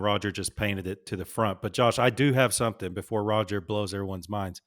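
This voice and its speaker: A man's voice: lowish voice, fairly quick, few pauses, fairly bright tone. A man co-hosting a podcast, teasing and playful as he tells a story. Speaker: podcast co-host. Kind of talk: casual political chat.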